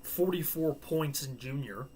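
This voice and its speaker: A young man hosts a live stream in loose, casual chat, quick to joke and laugh at his own remarks. His voice sits a touch high for a man. Faint noise hums behind him. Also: dark tone. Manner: chatty, joking, laughs at own asides.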